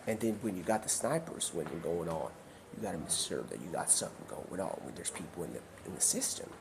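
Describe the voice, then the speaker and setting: A very deep-voiced man talks on a livestream from behind the wheel of a car. He rambles through an improvised story and keeps slipping into put-on voices and whispers. Steady background noise runs under his voice the whole time. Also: fairly quick, vocal fry. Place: in a car while driving.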